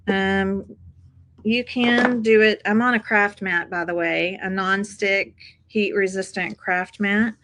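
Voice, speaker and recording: Chatty, upbeat woman host of a craft tutorial, mid-pitched voice, talking viewers through each step. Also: fairly even intonation, slow pace, a bit bright, slight background noise, poor audio. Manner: chatty, upbeat, addresses viewers as "you guys". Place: craft table indoors.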